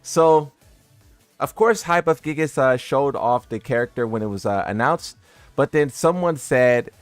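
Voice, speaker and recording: A man's voice: mid-range voice, lively intonation, unhurried, dry recording, faint music behind. A man doing casual commentary for his viewers. He sounds incredulous and teasing, and he laughs at what he reads. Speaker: gaming content creator.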